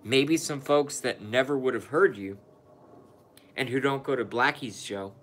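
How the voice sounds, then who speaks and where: A man's voice: medium pitch, measured pace, a bit bright. A man streaming a rambling, profane rant in a casual monologue, emphatic and cursing freely.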